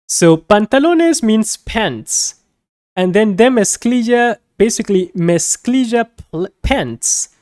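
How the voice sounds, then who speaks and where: A woman teaching a beginner Spanish lesson, repeating each word slowly and carefully, with light laughs as she explains. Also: medium pitch, a little mellow, no room sound, clean studio sound. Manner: slow, careful repetition of words.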